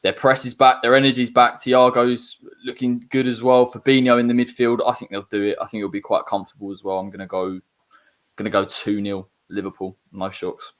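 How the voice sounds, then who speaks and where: A man's voice: mid-range voice, little pitch movement, fairly quick, a bit bright. A man on a football podcast, easygoing and agreeable as he gives his predictions. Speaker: pundit. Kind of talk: casual football podcast chat.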